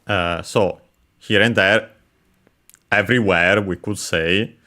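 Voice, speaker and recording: A man teaching Japanese vocabulary while playing a game, explaining carefully in halting phrases full of pauses and fillers. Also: low voice, fairly even intonation, pushed and bright. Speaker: language teacher.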